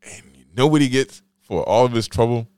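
A man's voice: medium pitch, brisk, darkish tone, smooth, dry recording. A man hosting a solo podcast, telling a story in a rambling, slangy, joking way. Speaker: podcast host.

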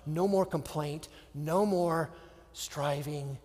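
A man preaching a sermon, with dramatic pauses and drops to a hushed voice. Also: fairly high pitch, long reverb tail. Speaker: pastor.

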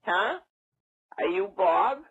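A confused older man repeats his questions on the phone and asks the caller to speak up. His husky voice rises and falls a lot. The line sounds dull and dry. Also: sits high, animated, takes it slowly, fairly bright tone, no room sound. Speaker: prank call target.

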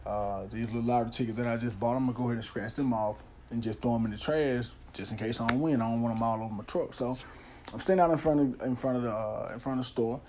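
A man's voice: medium pitch, fast, a little mellow, a little hiss or hum. A man telling a personal story on his podcast, candid and swearing freely, often repeating himself. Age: adult, father of a son. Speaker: podcast host. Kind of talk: casual storytelling. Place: Nashville area.

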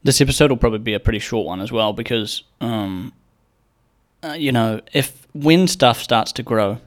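On his casual solo podcast, this young host speaks at medium pitch and a moderate pace. His talk wanders from joke to joke, heavy on profanity, with quotes performed in character.

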